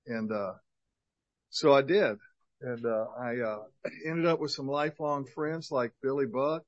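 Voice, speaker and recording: Joking older man, dull recording. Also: medium pitch. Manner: energetic, joking, rambling with many fillers. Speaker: guest speaker and minister to men. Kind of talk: humorous talk to a men's group. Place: church gathering of men.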